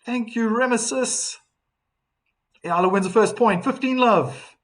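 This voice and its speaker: High-voiced chatty male tennis streamer. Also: unhurried, a bit bright. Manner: chatty, reads viewer comments between points. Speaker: live stream tennis commentator. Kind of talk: live streaming commentary.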